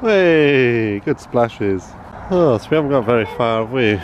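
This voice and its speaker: A young man narrates a family vlog in a relaxed, chatty way, lifting into a sing-song voice whenever he talks to his toddler. His voice sits at a middle pitch. It is recorded on a handheld camera, with clear background noise under it. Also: normal speed, dull audio. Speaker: father vlogging with his toddler. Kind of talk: casual home vlog narration. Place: home kitchen, then outdoors by a canal. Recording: noisy handheld camera audio. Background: appliances humming, then outdoor and traffic noise.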